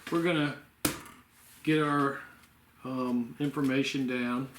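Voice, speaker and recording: Sleepy guy rambling at home, middle pitch, roomy echo. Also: fairly even intonation, takes it slowly, background noise. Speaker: vlogger. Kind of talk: casual home health vlog. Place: home room.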